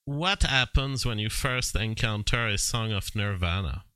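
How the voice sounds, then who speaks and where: A man's voice: on the low side, unhurried, noisy background. A man streaming live, commenting on AI-made songs, reading out chat messages and laughing often as he talks. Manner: chatty, laughs often, imitates sounds playfully.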